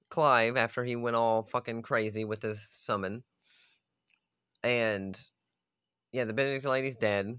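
A man's voice: fairly low pitch, pushed and bright, smooth, no echo, clean studio sound. A man ranting casually about a video game story, profane and exasperated. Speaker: gaming video host. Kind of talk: casual rant.

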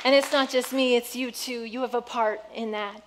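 A woman pastor preaching a sermon in a church, earnest and exhorting, often dropping to a soft hush. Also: a little high, steady tone, normal speed, a loud crowd, very noisy. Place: church sanctuary.

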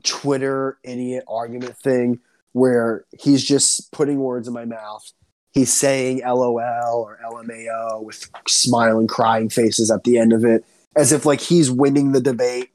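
A young man co-hosting a podcast, ranting excitedly and swearing a lot in casual chat. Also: measured pace. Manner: excitable ranting, heavy swearing, swings up high when worked up. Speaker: podcast co-host.

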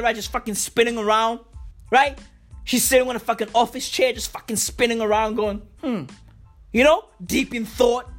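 A woman ranting in a loud, hyped, comedic vlog, swearing often and repeating herself. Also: a little high. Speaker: vlogger. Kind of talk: casual comedic rant.

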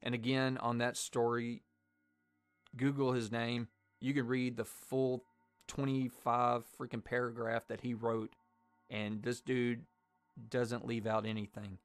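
A man with a mixed Southern US and Irish accent, hosting a casual podcast, sounding a little rough and lower than usual because he feels ill. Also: little pitch movement, unhurried, no echo. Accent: mix of Southern US and Irish. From Arkansas. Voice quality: low, slightly rough. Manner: blunt, profane, storytelling. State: under the weather, voice deeper than usual. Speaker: podcast host.

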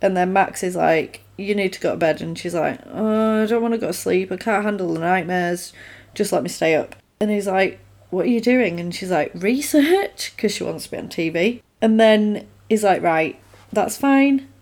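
An animated woman, retelling a film scene by scene in relaxed chat. She breaks into quick quoted lines for each character, her voice sitting at an ordinary middle pitch. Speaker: film podcast co-host. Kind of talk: casual chat recapping a film.

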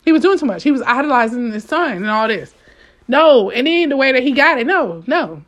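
A woman giving an informal spoken devotional to her listeners. She talks emphatically and repeats her key lines, swinging between fervent outbursts and quiet asides. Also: high-pitched, sing-song, a little fast. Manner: emphatic and repetitive, addressing listeners directly. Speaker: devotional speaker.

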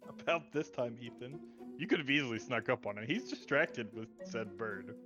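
A man narrating as game master in a tabletop role-playing game, relaxed and laughing as he goes. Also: mid-range voice, moderate pace. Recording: slightly dull sound with music.

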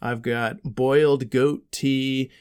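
A man's voice: medium pitch, fairly even intonation, takes it slowly, darkish tone, smooth, lightly acted. A man voicing a friendly, goofy young male dragon in playful role-play with a child, cheery and giggly. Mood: cheerful. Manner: cheery, giggly, rambling about made-up snacks.

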